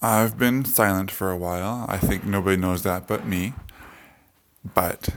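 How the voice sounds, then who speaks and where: Low, slow-talking male podcast host. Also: a little hiss or hum. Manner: relaxed, thinking aloud with fillers. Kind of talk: casual explanatory podcast talk.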